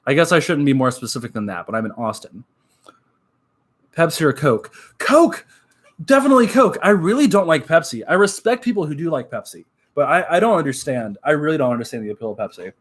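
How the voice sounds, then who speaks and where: A man's voice: medium pitch, lively intonation, quick pace. A young man from Texas, chatting casually to his live stream chat and telling a story with many fillers and asides. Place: at home.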